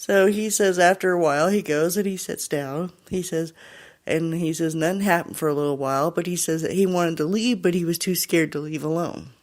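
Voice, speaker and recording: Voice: medium pitch, a little fast. A podcast host retelling a story in a casual, chatty way, laughing often and restarting phrases.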